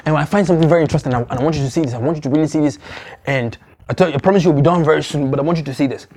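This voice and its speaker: A man's voice: a little high, very fast, darkish tone, breathy edge. A man preaching a sermon, repeating phrases and often asking the congregation whether they are following him. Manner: repetitive, exhorting, asks congregation to follow along. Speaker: pastor.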